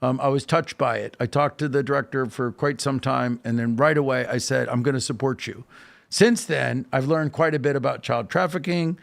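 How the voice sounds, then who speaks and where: A man's voice: mid-range voice, fairly even intonation, moderate pace, gravelly. A man speaking as a podcast guest, telling a story with emphasis, often checking in with "okay?" and restarting with fillers. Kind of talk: animated casual talk.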